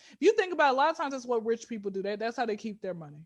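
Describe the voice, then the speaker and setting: A woman from with a high voice talks as a comedy guest. She tells casual stories in an animated, joking way, jumping into loud bursts of emphasis. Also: rapid-fire. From Georgia, USA.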